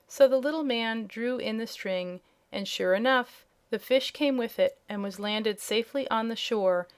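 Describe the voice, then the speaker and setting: Female audiobook narrator, even and clear, storybook reading. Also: medium pitch.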